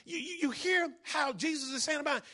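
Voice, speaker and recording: A man preaching a fiery sermon as a pastor, breaking into shouts, repeating his key phrases and acting out the people in his stories. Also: extremely high pitch, brisk. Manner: acts out the people in his story.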